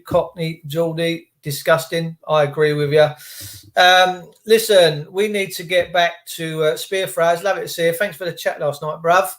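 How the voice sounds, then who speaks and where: High-voiced man ranting on a livestream. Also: fairly bright tone. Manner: indignant, sarcastic, talks straight to his chat viewers. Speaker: livestream host.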